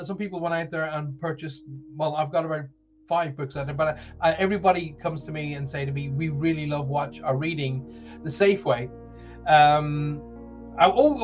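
A man with a softened Northern Irish accent, hosting a live show and chatting warmly to viewers as he reads out their messages. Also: high voice, highs cut off. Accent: soft Northern Irish. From Northern Ireland. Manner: chatty, rambling, reads messages aloud with put-on voices. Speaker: host of a live call-in show.

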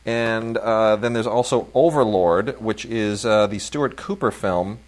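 A man with a fairly low voice co-hosts a casual film podcast. He rambles with enthusiasm, piling on fillers and restarts as he praises each release. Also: measured pace. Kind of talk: casual chat about new film releases.

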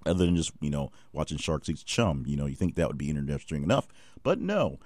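A man's voice: very deep voice, steady tone, fast talker, a little mellow, no room sound. A man hosting a news recap podcast, giving wry, offhand commentary with frequent fillers.

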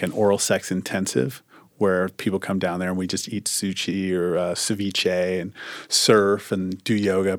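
A man's voice: deep voice, dry recording. A man co-hosting a podcast, chatting casually and rambling with lots of fillers and restarts. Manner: relaxed, rambling with many likes and restarts. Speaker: podcast co-host. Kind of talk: casual chat.

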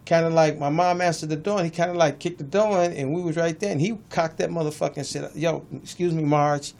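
Man, talk radio co-host, loud heated arguing, somewhat high voice, AAVE speech. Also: fairly even intonation, fast, vocal fry. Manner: storytelling, cuts in, acts out quotes. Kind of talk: heated casual debate.

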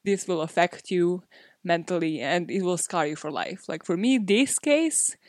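A woman's voice: on the low side, expressive, measured pace, no room sound. Lady hosting a true crime pod, chatty and blunt, lots of "like", dry sound. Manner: casual, candid, peppered with "like" and swearing. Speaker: podcast host. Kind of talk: true crime podcast chat.

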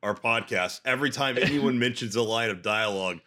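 A man's voice: mid-range voice, sharp tone. A man co-hosting a casual podcast, wry and profane, often restarting his sentences. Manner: swearing, wry, halting restarts. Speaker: podcast co-host.

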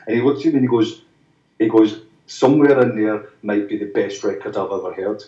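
In a dull, distant, roomy recording, a musician being interviewed speaks quickly in a lowish, dark voice. His chatty, long-winded anecdotes are full of restarts, and he acts out the voices of people he quotes.

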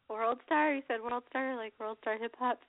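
A woman's voice: a little high, no room sound. A young woman hosting a call-in radio show, laughing often and trailing off into ums as she chats. Her voice comes through a thin, tinny phone line. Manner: giggly, chatty, hesitant with many ums. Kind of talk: casual call-in interview.

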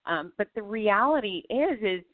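A woman's voice: medium pitch, lively intonation, normal speed. A woman guest from Florida, talking fitness in a live interview, blunt and emphatic. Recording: dry, tinny phone-like line.

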